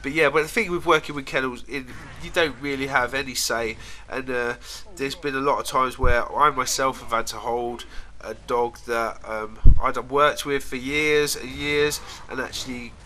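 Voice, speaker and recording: A man's voice: mid-range voice, bright, forceful tone, a little hiss or hum. A man casually telling rambling stories to camera, laughing often and trailing off mid-sentence. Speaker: vlogger. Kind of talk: casual storytelling.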